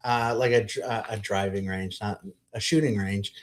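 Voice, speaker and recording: A man co-hosting a podcast in casual chat, blunt and profane, getting animated when he rants. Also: fairly low pitch, moderate pace. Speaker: podcast co-host.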